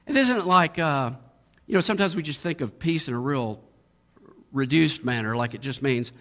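A middle-aged male pastor delivers a sermon in a slightly raised voice. He piles up rhetorical questions and lifts into emphatic high points. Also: moderate pace, fairly bright tone.

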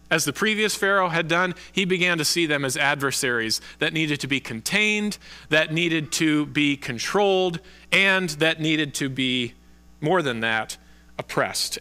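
A man preaching a sermon from the pulpit as pastor, earnest and deliberate, leaning on key words with slow emphasis. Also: fairly high pitch, bright, forceful tone, long reverb tail.

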